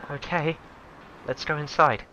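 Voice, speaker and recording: A man voicing a young woman who is anxious and grieving, reading her lines softly and hesitantly. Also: a little high, fairly even intonation, a little slow, slight background noise, voice pushed up.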